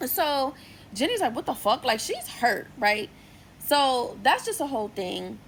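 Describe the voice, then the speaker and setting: A young woman casually recapping a TV episode, chatty and full of "like" and lively asides. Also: high voice, unhurried, a little hiss or hum, rough recording. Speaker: TV series reviewer. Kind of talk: casual episode review vlog.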